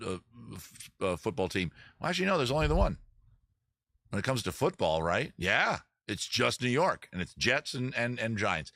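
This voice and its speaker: A man's voice: fairly low pitch, fairly bright tone, no echo, studio quality. A man from Maryland hosting a casual live stream, rambling and joking as he answers viewer chat and corrects himself mid-sentence. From Maryland, USA. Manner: rambling, self-correcting, jokey. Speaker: host.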